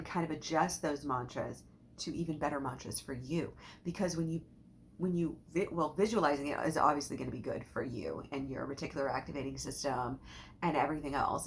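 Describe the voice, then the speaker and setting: A woman with a low voice guides listeners through a mindset exercise, chatty and loose, circling back with fillers and restarts. A faint hiss sits under the recording. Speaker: mindset coach. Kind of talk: casual guided teaching talk.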